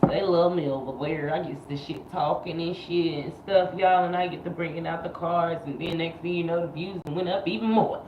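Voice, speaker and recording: A woman's voice: fairly low pitch, fairly even intonation, moderate pace, hardly any pauses, a little hiss or hum. Slangy, chatty woman doing a tarot livestream. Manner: chatty and slangy, repeats phrases, sometimes half-sings. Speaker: tarot reader. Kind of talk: casual livestream tarot reading. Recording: echoey room, muffled lo-fi sound.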